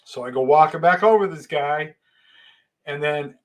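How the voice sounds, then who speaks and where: Recorded in low quality, this middle-aged man talks at a normal speed in a fairly high voice. A storyteller by manner, he rambles through a lengthy personal anecdote, keeps restarting, and performs the exchanges with dramatic changes of voice.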